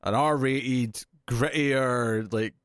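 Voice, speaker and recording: A man's voice: mid-range voice, steady tone, drawn-out words, fairly bright tone, no room sound, studio quality. A man co-hosting a movie podcast, chatting casually and animatedly, laughing often and restarting his sentences. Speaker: podcast co-host. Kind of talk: casual movie review chat.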